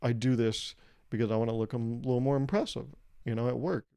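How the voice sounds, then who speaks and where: Pikachu, the little electric creature, talks like any candid office guy as a man voices him. He chats on in a plain, rambling way with a mellow, warm tone. It sounds like a comedy podcast bit. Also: medium pitch, steady tone, fast, vocal fry, clear, resonant tone, close to an everyday voice. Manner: plain everyday voice, chatty, rambling. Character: Pikachu as an articulate, candid male office worker.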